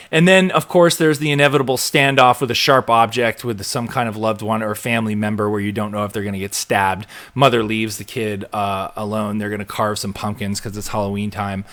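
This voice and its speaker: A man hosting a live show, chatting casually and animatedly, acting out bits as he rambles. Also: on the low side. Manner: rambling, animated, acts out quotes. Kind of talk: casual live recap chat.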